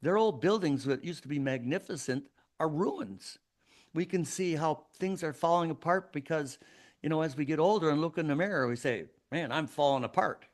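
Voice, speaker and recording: A man's voice: fairly high pitch, normal speed. A man hosting a solo podcast, arguing his points in an emphatic, preachy way. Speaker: podcast host.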